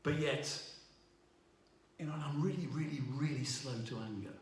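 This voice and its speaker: A middle-aged man preaching a sermon. He talks in a halting way, restarting his sentences and filling pauses with ums. His voice is heard from some distance and rings around a very reverberant church hall. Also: on the high side. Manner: halting, with many restarts and fillers. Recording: roomy echo, voice from afar.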